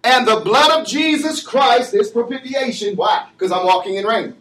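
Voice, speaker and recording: A man preaching a sermon and calling for responses from the congregation, swinging between shouted lines and low asides. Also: normal speed, few pauses. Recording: echoey church from far off.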